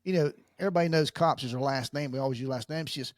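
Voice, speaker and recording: A man's voice: mid-range voice, rapid-fire, no room sound, studio quality. A man, a podcast co-host and former police officer, telling stories in casual chat and laughing often. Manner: animated storyteller, laughs often.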